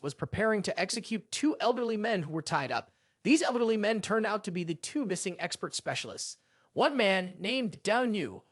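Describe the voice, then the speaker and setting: A narrator reading a scripted story recap in a brisk, expressive way. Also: mid-range voice, no room sound, clean studio sound.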